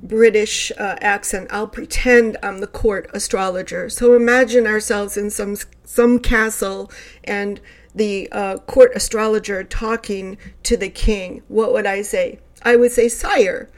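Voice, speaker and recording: A woman astrologer talks through the planets in a casual vlog monologue. Her voice sits at an ordinary middle pitch, and her delivery is earnest and conversational, with loose, wandering sentences. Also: fairly even intonation, a little slow.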